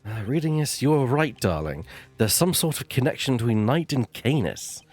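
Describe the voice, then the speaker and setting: A man voicing a poised, formal male prosecutor in a fan voice-over of a game, speaking in a measured, dry way. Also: mid-range voice, very animated, darkish tone.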